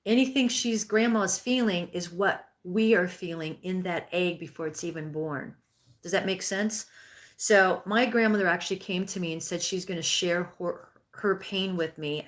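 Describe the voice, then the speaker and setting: A woman in her sixties giving a live-streamed spiritual healing talk and answering viewer comments. She speaks earnestly and conversationally, with frequent restarts. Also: on the low side. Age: 60s. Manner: acts out inner thoughts in a raised, pleading voice.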